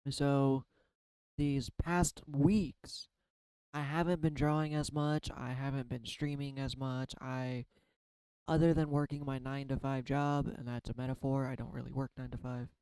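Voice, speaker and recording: A man's voice: medium pitch, level tone, unhurried, darkish tone, clear, resonant tone, no room sound, poor audio. A tired man in his thirties talking casually and candidly in a rambling way, now and then swearing. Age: 30s. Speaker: tarot reader and artist. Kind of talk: casual spiritual vlog.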